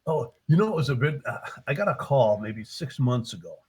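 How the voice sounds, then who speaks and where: A man's voice: medium pitch, fairly quick, slightly rough, poor audio. An older man, an author, telling the story of his book in a casual interview, acting out his characters' voices as he goes. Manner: animated, acts out characters' voices while retelling his story.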